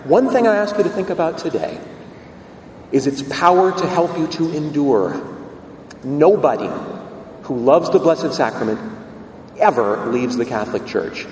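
A man preaching a sermon as a Catholic priest, telling stories in an animated, emphatic way, in a church. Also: medium pitch, slight background noise. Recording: echoey church from a distance.

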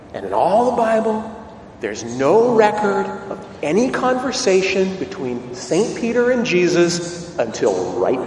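Man, preacher, lively pitch, dramatic sermon, far from the mic, long church reverb. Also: a little hiss or hum. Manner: dramatic storytelling with rhetorical questions. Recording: echoey hall, distant mic, faint ambience.

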